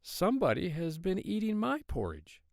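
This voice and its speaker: A prim mother bear speaks in a high, lifted voice, as a man puts her on. Storybook reading, close and dry. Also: huge pitch swings, normal speed, vocal fry, dry recording, full character voice. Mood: indignant. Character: middle-sized mother bear.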